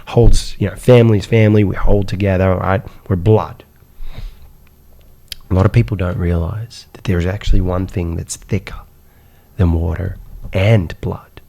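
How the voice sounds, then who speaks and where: Man, gravelly voice, lowish pitch, animated personal storytelling, rhetorical questions. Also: normal speed. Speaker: guest telling his life story. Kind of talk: personal storytelling in a podcast interview.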